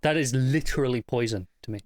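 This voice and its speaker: A man's voice: mid-range voice, quick pace, a little mellow, dry recording, studio quality. A man co-hosting a TV review podcast in casual chat, often stumbling over repeated words before making an emphatic point. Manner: stammering restarts, emphatic.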